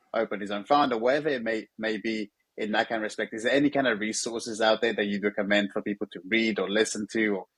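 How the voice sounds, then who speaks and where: A man's voice: lowish voice, fairly bright tone, no room sound. A man hosting an interview, asking long, rambling questions full of fillers. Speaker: host.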